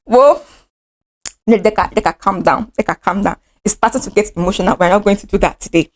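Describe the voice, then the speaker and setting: A woman's voice: mid-range voice, quick pace. A young adult woman with a Nigerian accent, casually telling a dramatic story from her own life. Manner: animated, dramatic retelling. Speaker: vlogger.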